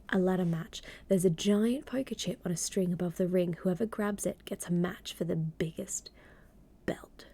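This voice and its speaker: A woman reads aloud and chats on a live stream from her home desk microphone. Her voice is low and mellow with a gravelly fry, and she slips often into a soft, wry half-whisper. It has the hushed closeness of a home stream. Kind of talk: soft-spoken stream reading and chat.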